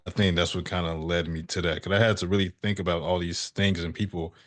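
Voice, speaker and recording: A man's voice: low-pitched, fairly even intonation. A man in his thirties hosting a podcast, talking casually and reflectively as he works his thoughts out. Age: 30s. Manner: reflective, talks things through slowly. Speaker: podcast host. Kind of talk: casual conversation.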